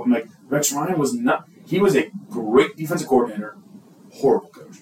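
A man co-hosting a casual sports podcast, talking in an animated, rambling way and often restarting his sentences. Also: medium pitch, normal speed, slight background noise. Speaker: podcast co-host.

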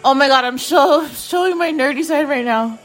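Young woman, podcast host, rambling fan chat, higher voice, faint music behind. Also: normal speed, a bit bright. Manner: gushing, rambling, laughs often.

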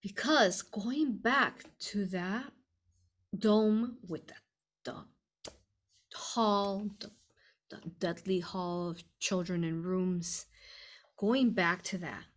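A woman hosting a livestream Q&A, rambling and repeating herself, asking "right?" and sometimes dropping to a soft whisper. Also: mid-range voice, drawn-out words, pauses often. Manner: drops to a soft whisper at times. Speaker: host answering viewer questions. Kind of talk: livestream Q&A talk.

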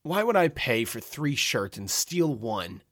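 A man voicing a stocky, gray-haired older man who yells insults in contempt and indignation. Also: medium pitch, sing-song, measured pace, no echo, clean studio sound. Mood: indignant. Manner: shouting, contemptuous.

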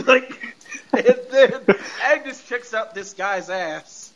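A man's voice: sits high, a little slow, fairly bright tone, muffled recording. A podcast host casually recapping a TV episode, laughing often and acting out the characters' lines as he retells the scenes.

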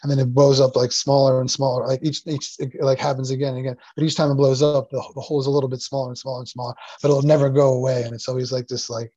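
Male interview guest, emotional and halting, husky voice, dry dull lo-fi call sound. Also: medium pitch, little pitch movement, mellow, no room sound. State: near tears. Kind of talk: emotional personal story in casual conversation.

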